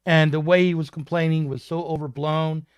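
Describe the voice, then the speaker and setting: A man's voice: a little high, fairly even intonation, moderate pace, clear, resonant tone, no room sound, clean studio sound. A man on a panel making a point hesitantly, with many fillers. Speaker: panelist in a political discussion. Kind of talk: conversational panel talk.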